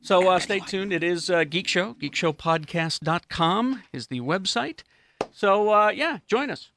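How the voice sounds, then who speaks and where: A man's voice: sits high, animated, measured pace, a bit bright, a little hiss or hum. A man hosting a live radio show, joking around with plenty of fillers. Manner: playful, jokey, filler-heavy. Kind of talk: casual radio talk.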